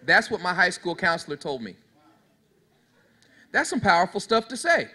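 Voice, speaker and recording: Man, 30s, motivational speaker for youth: call-and-response, folksy storyteller, slightly high voice. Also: very animated, moderate pace, sharp tone, breathy edge. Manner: preachy call-and-response, talks straight to the audience. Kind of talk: motivational speech.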